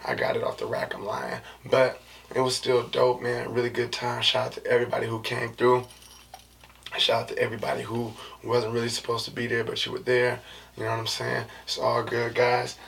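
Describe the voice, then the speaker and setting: A man hosting his own podcast, talking in a loose, slangy, rambling way with lots of fillers and a soft, low-key delivery. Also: completely flat delivery, brisk, creaky. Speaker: podcast host. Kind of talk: casual solo podcast chat. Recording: distant mic with faint background noise.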